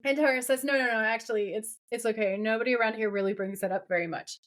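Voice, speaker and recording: A podcast co-host recaps a TV episode in a casual, animated way, performing its dialogue as quoted lines. She speaks fast, in a slightly high voice.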